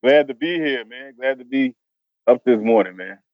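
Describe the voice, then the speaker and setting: A man's voice: mid-range voice, moderate pace, no room sound, highs cut off. A man guesting on a podcast, talking in a laid-back, slangy way and laughing easily. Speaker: guest musician. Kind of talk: casual interview chat.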